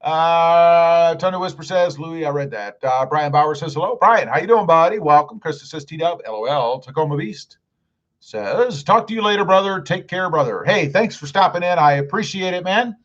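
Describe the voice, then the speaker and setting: A man's voice: a little high, expressive, normal speed, muffled recording. A middle-aged man hosting a casual live stream, reading viewer comments aloud in a friendly, upbeat way.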